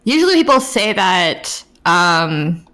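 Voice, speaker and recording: A woman with a lowish voice banters on a podcast, teasing and giggly. Her pitch swings widely as she talks. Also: sing-song, slow, pushed and bright. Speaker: podcast co-host. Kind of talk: casual podcast chat.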